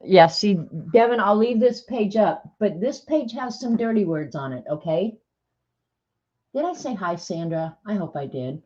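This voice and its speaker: A woman's voice: mid-range voice, animated, a little slow, dark tone. A woman reading sassy one-liners aloud to her viewers in a casual, chatty way, with small laughs in between. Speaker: crafter sharing sayings on video. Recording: dull, lo-fi home video sound.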